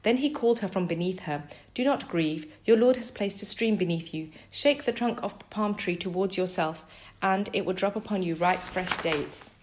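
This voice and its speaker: A woman reading a scripture translation aloud in a measured, even way. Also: medium pitch. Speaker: scripture reader.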